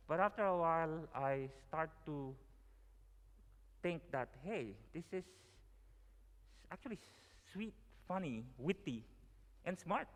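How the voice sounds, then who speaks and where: A young Filipino man with a Filipino accent, giving a chatty sermon full of fillers and "you know". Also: fairly high pitch. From Philippines. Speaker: guest preacher. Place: church hall. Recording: long hall reverb.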